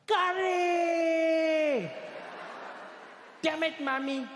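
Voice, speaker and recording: A man's voice: very high voice, brisk, roomy sound, long reverb tail, crowd noise, noisy background, pitched above the performer's own voice. Man doing a shrieking, fed-up schoolboy. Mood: anguished shout. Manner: anguished shrieks, weary sighing complaints. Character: exasperated schoolboy sick of daily curry.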